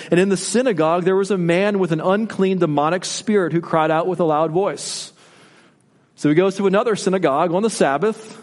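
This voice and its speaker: A male pastor preaching a sermon, asking rhetorical questions and swinging between soft, low passages and rising emphasis. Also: long reverb tail.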